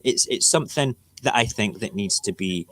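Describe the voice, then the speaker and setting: A man's voice: fairly low pitch, moderate pace, a bit bright. A man hosting a casual morning talk show, ranting and rambling in an opinionated way. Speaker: radio show host.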